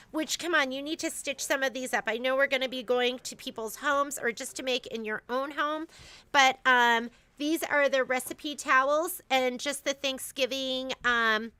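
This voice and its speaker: A woman's voice: high-pitched, sharp tone, dry recording. A woman hosting a casual store livestream, chatting in a rambling way with lots of fillers and restarts.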